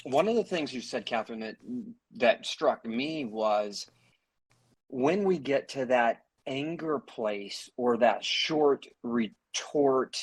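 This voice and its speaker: A man's voice: mid-range voice, lively intonation, takes it slowly, breathy edge, no room sound. A man hosting and facilitating a support group talk over a video call, encouraging people and drawing them in with questions. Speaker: host and facilitator.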